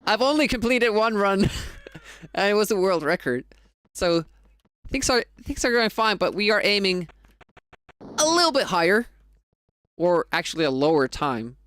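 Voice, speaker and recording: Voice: mid-range voice, very animated, moderate pace, pauses often, fairly bright tone, dry recording. A streamer from Finland with a Finnish accent and Finnish as a first language, chatting casually with viewers on a live speedrun stream, rambling and laughing often.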